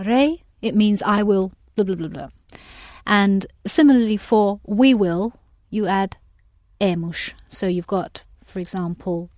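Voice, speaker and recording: A woman's voice: mid-range voice, a little mellow, no room sound, studio quality. A woman teaching a language lesson, patiently prompting her students with questions.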